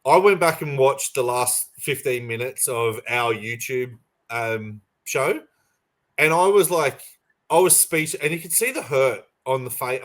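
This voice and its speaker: A man's voice: mid-range voice, fairly bright tone. A man co-hosting a sports podcast over a remote call, talking passionately and rambling with restarts. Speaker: podcast co-host. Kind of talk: casual sports chat.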